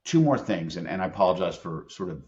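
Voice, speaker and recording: Man, middle-aged, low voice, podcast guest, emphatic storyteller, dull lo-fi audio. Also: animated, quick pace, a little mellow, a little hiss or hum. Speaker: employment attorney and leadership expert guest. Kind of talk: conversational podcast interview.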